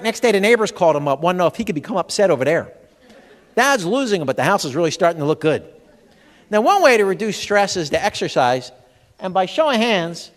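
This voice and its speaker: A middle-aged man doing stand-up comedy as a stress educator, playful and acting out the people he quotes. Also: sits high. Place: event hall before a live audience. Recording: reverberant hall.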